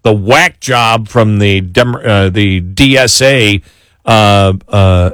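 Animated man hosting a talk show. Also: on the low side, slow pace, smooth, dry recording, studio quality. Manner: animated, exasperated, many restarts. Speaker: talk radio host. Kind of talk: political talk show chat.

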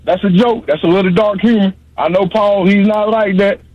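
This radio caller's voice sits high and stays steady at normal speed as he banters, teasing and rambling in slang. The phone-line sound is dull and dry, without echo.

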